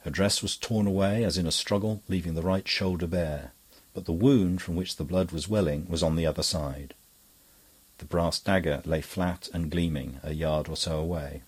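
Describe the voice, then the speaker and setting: Reading scripted narration at a steady, even pace, this male audiobook narrator has a deep, husky-edged voice.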